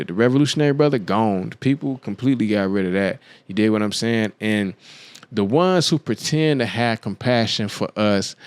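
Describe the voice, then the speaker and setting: A man's voice: lowish voice, clean tone, no echo. A man hosting a show, talking through his views in a loose, casual monologue, often checking in with "you dig what I'm saying?". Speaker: podcast host.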